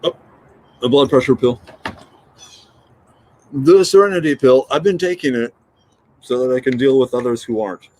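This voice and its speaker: A man's voice: medium pitch, moderate pace, long pauses, a little mellow. A middle-aged man chatting casually on a morning livestream, reading out comments and joking. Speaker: livestream host.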